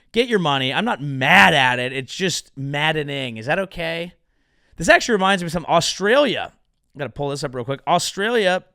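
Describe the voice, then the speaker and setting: A man's voice: a little high, pushed and bright, smooth, no echo, studio quality. A young adult man hosting his own comedy show, riffing in a profane, sarcastic monologue. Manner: profane, rambling, sarcastic, slips into silly voices. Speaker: podcast host and comedian.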